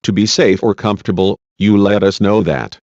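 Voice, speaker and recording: A man reading a male defense lawyer's questions, measured and reassuring, in a dull lo-fi recording. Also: lowish voice, a little mellow, dry recording, close to an everyday voice. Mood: courteous. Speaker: cross-examining lawyer.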